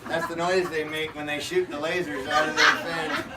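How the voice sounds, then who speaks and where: A man with a high, bright voice improvises a silly comic tale for a crowd, playful and prone to laughing mid-sentence. He is caught from a distance at an outdoor faire, with steady noise around him. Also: moderate pace. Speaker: costumed pirate storyteller at a faire. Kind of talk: improvised comic storytelling with audience.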